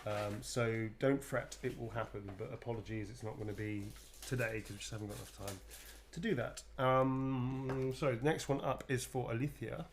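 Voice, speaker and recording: A man's voice: medium pitch, fairly even intonation, moderate pace, slight background noise. Laughing, joking man on a livestream. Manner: joking, laughing, swearing freely. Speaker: actor signing autographs on a livestream. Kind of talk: casual livestream chat.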